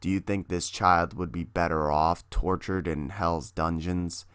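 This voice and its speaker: A man voicing an earnest young woman born of a god, reading from a comic book. Her lines come out soft and quiet, barely raised above a murmur, in a dry, close sound. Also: sits low, fairly even intonation, a little slow, clean tone, dry recording, voice pushed down. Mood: solemn.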